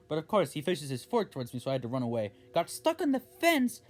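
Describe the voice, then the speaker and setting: A young man telling a story on his vlog in a casual, rambling way, full of restarts and animated outbursts. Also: a little high, fast, few pauses. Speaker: vlogger.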